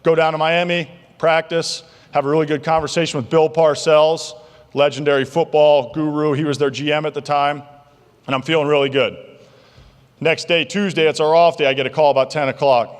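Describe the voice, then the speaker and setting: A male keynote speaker telling stories in an animated, jokey way to a banquet crowd. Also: on the high side, a little fast. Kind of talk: motivational keynote storytelling. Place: large banquet hall. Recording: long reverb of a large hall.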